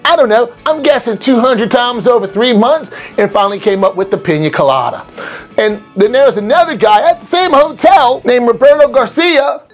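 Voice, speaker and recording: On a cocktail channel, a man with a very high, expressive voice talks through a recipe to camera at a normal speed while faint music plays. He's chatty and playful, wandering into asides and putting on silly mock voices.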